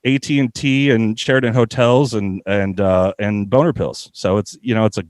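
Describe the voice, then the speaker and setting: A man's voice: on the low side, steady tone, moderate pace, no room sound. A man in his thirties telling a funny story in a loose, casual way, swearing and laughing often.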